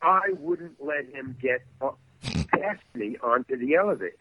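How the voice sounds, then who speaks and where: Older male guest actor, rambling storyteller who acts out his scenes; husky voice, tinny dry line. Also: medium pitch, normal speed, dry recording. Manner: rambling, animated, acts out the people in his stories. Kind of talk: storytelling in a podcast interview.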